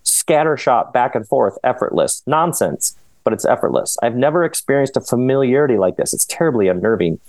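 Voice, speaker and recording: A man's voice: lowish voice, brisk, no echo. Man reading his own novel expressively. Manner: expressive, laughs while reading. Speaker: author guest.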